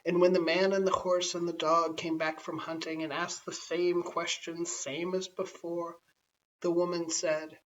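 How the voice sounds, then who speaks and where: Man gently reading a bedtime story. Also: a little high, little pitch movement, measured pace, slight background noise. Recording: slightly distant, dull lo-fi home recording.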